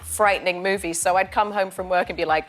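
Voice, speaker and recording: A woman's voice: on the low side, fast. A woman telling anecdotes as a talk show guest, acting out the people in her stories. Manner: animated storyteller acting out characters.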